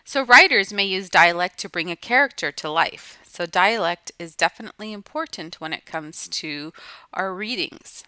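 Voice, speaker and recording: A woman's voice: fairly low pitch, animated, moderate pace, pushed and bright, clear, resonant tone, dry recording. A woman teacher giving a recorded lesson to students, explaining patiently and restating each point.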